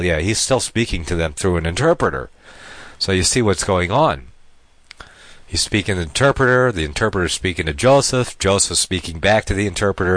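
A man's voice: low-pitched, a bit bright, no echo. A man reading a Bible passage aloud and stopping to explain it in plain, casual talk. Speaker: Bible teacher. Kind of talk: scripture reading with commentary.

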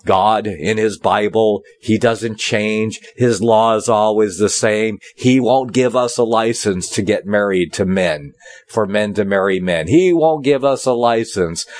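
A man with a fairly low voice delivers a sermon, stressing key words and pushing up in pitch when he drives a point home. His delivery is insistent and preacherly. The sound is dry, with no room echo. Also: measured pace, darkish tone. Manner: emphatic, preachy, rising for stress.

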